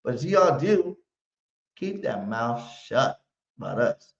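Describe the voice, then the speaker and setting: Brash trash-talking sports fan host. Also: male voice, mid-range voice, very animated, takes it slowly, gravelly. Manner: brash trash talk, slangy and emphatic. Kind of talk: live pregame fan stream. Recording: roomy, muffled home stream audio.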